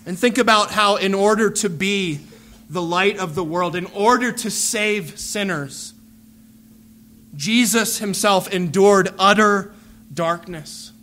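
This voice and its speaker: A man preaching a sermon, earnest and measured, pleading with his listeners through repeated phrases. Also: high voice, pushed and bright.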